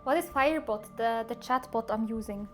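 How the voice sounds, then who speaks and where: A woman's voice: a little high, a little fast, soft background music. A woman from Switzerland, chatting casually and rambling to her live-stream viewers, often laughing at herself.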